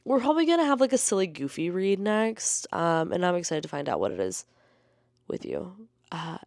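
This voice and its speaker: Woman book vlogger, gushing and rambling, lively swooping pitch, lowish voice, dry close sound. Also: moderate pace, creaky, no room sound. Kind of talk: casual vlog chat.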